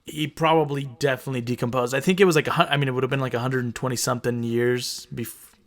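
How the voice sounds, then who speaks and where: A man's voice: medium pitch, fairly even intonation, fast, fairly bright tone. A man co-hosting a comedy podcast, reading out a story from notes and then riffing casually, with swearing and laughter. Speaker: podcast co-host. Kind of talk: casual chat and reading stories.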